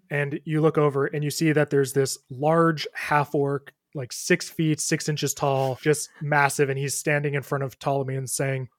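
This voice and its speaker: A man narrating as dungeon master of a tabletop game, relaxed and playful, with casual fillers. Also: on the high side, normal speed, hardly any pauses, no room sound, clean studio sound.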